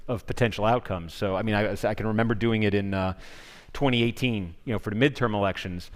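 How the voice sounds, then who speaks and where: A man speaking as a guest at a public forum, answering audience questions in an earnest, explanatory way and often restarting his sentences mid-thought. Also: on the low side. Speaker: guest speaker, political correspondent. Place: large forum hall. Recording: long hall reverb.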